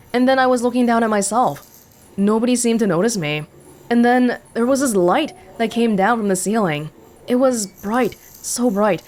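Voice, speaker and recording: An actor playing a grateful man in a video game who recounts nearly dying, telling it earnestly. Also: high-pitched. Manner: earnest storytelling. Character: grateful man revived from death.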